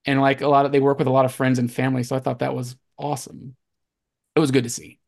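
A man co-hosting a casual movie podcast, excitable and gushing, often breaking into laughter. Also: medium pitch, fast, creaky. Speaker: podcast co-host. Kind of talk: casual movie-review chat.

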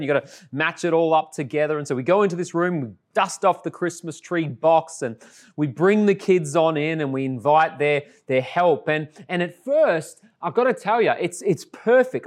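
Australian pastor telling a story, higher voice. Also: male voice. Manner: conversational, swings from lively to hushed and tender. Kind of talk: storytelling sermon opening.

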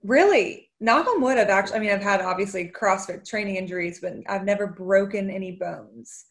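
A woman hosting a podcast, chatting casually with quick interjections and easy laughter. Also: mid-range voice. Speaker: podcast host.

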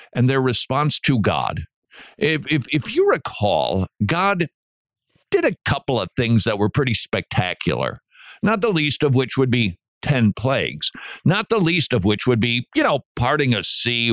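A middle-aged man hosting a Christian radio talk show, preaching in an animated way with asides and restarts. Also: medium pitch, dry recording, clean studio sound. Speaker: radio host.

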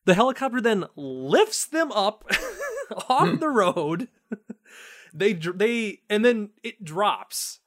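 A man co-hosting a casual movie review podcast, jokey and animated, often breaking into mocking voices. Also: high-pitched, slow, background noise. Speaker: podcast co-host.

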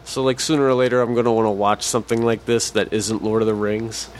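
A man's voice: mid-range voice, a little hiss or hum. A man co-hosting a podcast, chatting casually about movies, laid-back, swearing freely and laughing often. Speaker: podcast co-host. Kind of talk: casual movie review chat.

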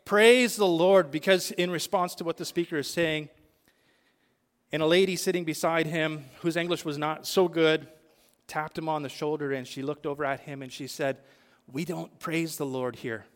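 A man's voice: fairly high pitch, fairly even intonation, moderate pace. Male pastor, sermon, slightly raised voice, reverberant church hall, rhetorical questions. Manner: asks the congregation questions, builds emphatic lists.

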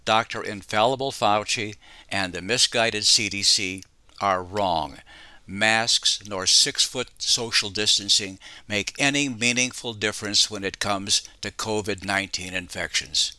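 A man's voice: on the low side, measured pace, bright, forceful tone, dry recording. A man delivering scripted political commentary with sarcastic, mocking asides.

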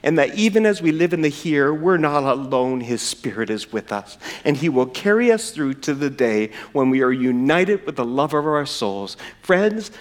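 Earnest middle-aged male pastor, slightly high voice. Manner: earnest, storytelling, addresses listeners as friends. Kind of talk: sermon with personal story and closing prayer. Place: church.

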